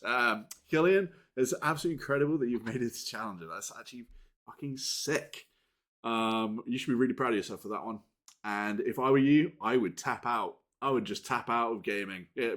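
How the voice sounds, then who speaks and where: A man talking off the cuff to his channel's viewers in a mid-pitched voice. He rambles and restarts his sentences, swears casually, and swings between loud bursts and muttered asides. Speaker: gaming channel host. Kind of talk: casual unscripted chat to camera.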